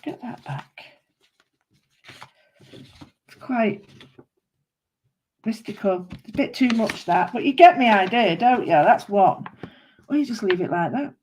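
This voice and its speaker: A woman's voice: mid-range voice, animated, slow, pauses often, darkish tone, slight background noise. A woman talks her viewers through a doodling project in a loose, rambling way. She thinks aloud, changes her mind mid-sentence and keeps up a friendly running chat as she works. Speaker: craft vlogger. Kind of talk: casual chat while doodling.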